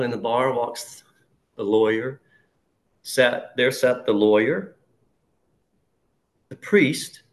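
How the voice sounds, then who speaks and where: A man telling a personal recovery story in a halting, conversational way, with frequent restarts and asides. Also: mid-range voice, gravelly, a bit bright. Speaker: speaker sharing a recovery story. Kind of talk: personal testimony.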